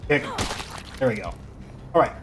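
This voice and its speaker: A man hosting a let's play, commenting in an excitable, rambling way and filling his talk with "like". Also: medium pitch, moderate pace, background noise. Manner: excitable, rambling, heavy use of "like". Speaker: gaming channel host.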